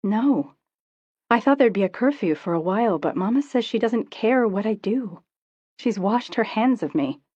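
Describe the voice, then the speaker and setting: A woman voicing a weary, subdued teenage girl who speaks quietly and hesitantly, on a dull, lo-fi recording. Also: mid-range voice, lively intonation, moderate pace, no room sound, voice pushed up, lightly acted.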